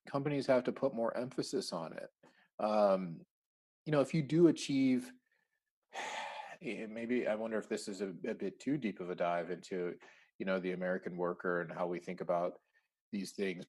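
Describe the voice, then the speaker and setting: A man talking casually as an interview guest, lively, with lots of fillers and acted-out quotes. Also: on the low side. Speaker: interview guest, recruiting firm founder.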